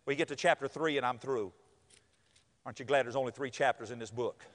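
A male preacher telling stories in a sermon, acting out the lines of the people in them. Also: a little fast. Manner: storytelling with acted-out quotes and big pitch swings. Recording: hall reverb.

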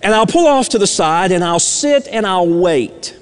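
A man preaching a sermon, telling a story and dropping to hushed tones for emphasis. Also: high voice, lively intonation, normal speed, clear, resonant tone, in a large hall. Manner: storytelling, swings from loud emphasis to hushed near-whispers.

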